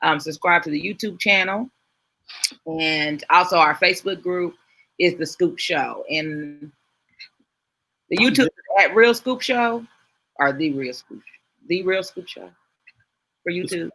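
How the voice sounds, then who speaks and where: Upbeat woman host with a bright voice. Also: lowish voice, unhurried, long pauses. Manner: upbeat, laughing, teasing. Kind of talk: casual live-stream chat.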